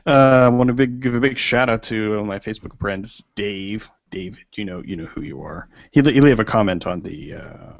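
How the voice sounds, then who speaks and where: A man hosting a live online talk show, talking in a halting way with many fillers and restarts. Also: fairly low pitch, no room sound, lo-fi sound. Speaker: podcast host. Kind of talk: casual chat.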